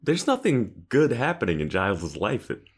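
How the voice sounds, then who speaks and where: A man's voice: fairly low pitch, very animated, moderate pace, slightly rough. A man co-hosting a podcast, joking and laughing as he comments on a TV episode, with casual swearing. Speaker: podcast co-host. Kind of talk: casual chat reviewing a TV episode.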